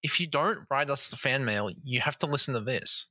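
Bright-voiced playful podcast co-host man. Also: medium pitch, expressive, dry recording. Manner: playful, quick quips. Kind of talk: casual chat.

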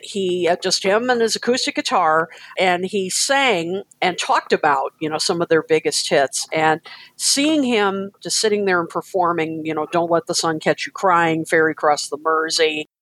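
A woman's voice: fairly low pitch, normal speed, a bit bright, no echo, rough recording. An American woman co-hosting a podcast, telling a story casually with lots of fillers and laughter. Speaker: podcast co-host.

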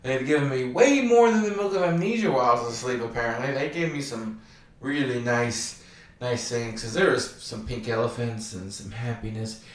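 A man's voice: mid-range voice, normal speed, reverberant. A man telling a personal anecdote in a casual, rambling way, with a wry tone and many "um"s. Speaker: storyteller.

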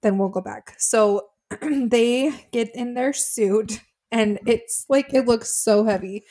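A woman's voice: fairly high pitch, slow pace. A woman co-hosting a podcast, casually chatting about a reality show episode and laughing along. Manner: relaxed, agreeable, laughs along. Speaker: podcast co-host. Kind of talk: casual recap chat.

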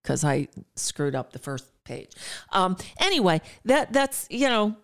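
A woman's voice: on the low side, big pitch swings, a little slow, creaky. A woman in her sixties hosting a talk radio show, chatting in an exasperated, rambling way with frequent restarts and asides. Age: 60s. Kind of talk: casual monologue.

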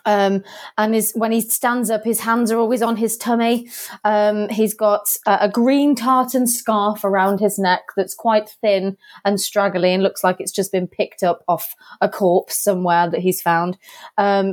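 A woman's voice: medium pitch, darkish tone. A woman player describing her character in detail, with frequent ums.

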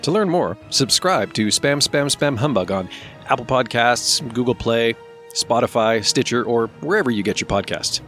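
A man narrates a book chapter for a podcast in steady, measured scripted narration. His voice sits at a middle pitch. Faint music plays softly behind him. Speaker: podcast host and book reader.

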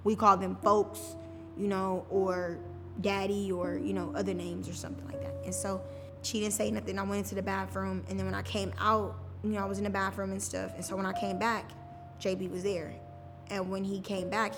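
A woman telling her own story on a podcast, casual and candid, often saying "like". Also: medium pitch. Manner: casual, frequent "like" fillers. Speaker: podcast guest. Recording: reverberant room with faint music.

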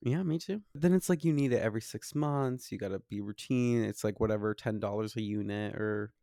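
A man's voice: fairly low pitch, a little fast, mellow, no room sound, studio quality. A man co-hosting a podcast, chatting casually in a gossipy, rambling way with lots of fillers. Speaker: podcast co-host. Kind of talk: casual chat.

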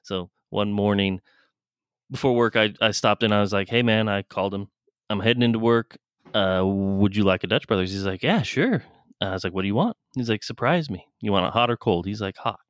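A man's voice: fairly low pitch, fairly even intonation, a little fast, clean tone, no room sound, clean studio sound. A man co-hosting a podcast, telling a rambling, laughing story with swearing in casual chat. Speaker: podcast co-host.

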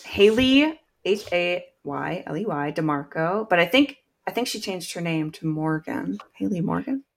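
A woman's voice: lowish voice, lively intonation, moderate pace, gravelly. A woman hosting a podcast, reading aloud from a book with wry asides and frequent laughs. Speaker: podcast host.

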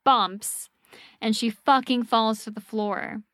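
A woman host casually telling a ghost story on a podcast, animated and swearing freely. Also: fairly high pitch, takes it slowly, dry recording, studio quality.

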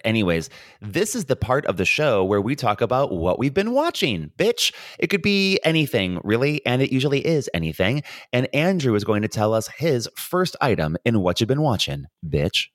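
A man's voice: mid-range voice, no echo, studio quality. A man co-hosting a podcast in casual chat, stumbling and repeating words as he talks. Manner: halting, repeats words, animated. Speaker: podcast co-host.

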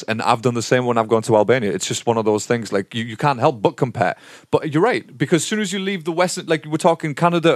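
A man's voice: medium pitch, dry recording, clean studio sound. A man co-hosting a podcast in casual banter, rambling and checking in with "do you know what I mean". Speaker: podcast co-host.

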